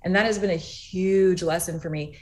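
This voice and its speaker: A woman's voice: on the low side, fairly even intonation, normal speed. A woman in her forties speaks as an interview guest from her home over a video call. She talks earnestly, and when she tells a story she acts out what each person said. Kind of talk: animated conversational interview.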